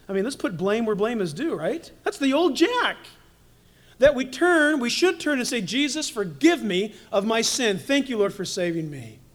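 A man preaching a sermon as pastor, telling stories animatedly with humorous asides. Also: very high-pitched.

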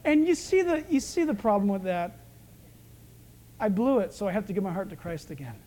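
A male pastor preaching a sermon, lively and conversational, acting out the voices of the people in his stories. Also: high voice, brisk, a little hiss or hum. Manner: animated preaching, acts out quoted voices.

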